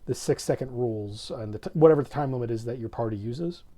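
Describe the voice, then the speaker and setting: A man chats casually about tabletop role-playing on a gaming podcast, his voice mellow and dark. He rambles, restarting and correcting himself as his thoughts catch up with his words. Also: medium pitch, fast. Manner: rambling, with many false starts and self-corrections. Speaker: co-host.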